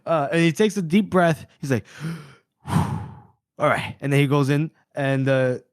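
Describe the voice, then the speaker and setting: A man's voice: on the high side, no echo, clean studio sound. Casual rambling male podcast host. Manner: rambling, retells scenes doing quick character voices. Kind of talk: casual book discussion.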